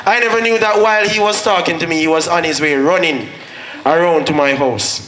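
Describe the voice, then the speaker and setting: His slightly high voice comes out a little fast, pushed, and bright as he, a Jamaican-accented man, gives an earnest motivational talk at a school graduation. When he quotes himself he slips into patois. The recording has an echoey hall sound and faint noise.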